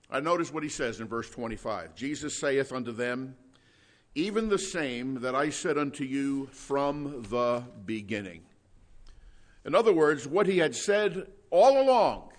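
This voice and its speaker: A man teaching a Bible passage verse by verse, in a conversational sermon style with frequent "all right?" check-ins, restarts and sarcastic emphasis when he quotes. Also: medium pitch. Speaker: preacher.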